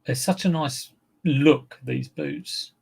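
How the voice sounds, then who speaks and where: Guy rambling to his stream viewers while listing stuff, gravelly voice. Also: on the high side, takes it slowly, darkish tone. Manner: chatty, rambling, talks to viewers while handling items. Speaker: reseller livestream host. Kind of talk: casual livestream chat while listing items.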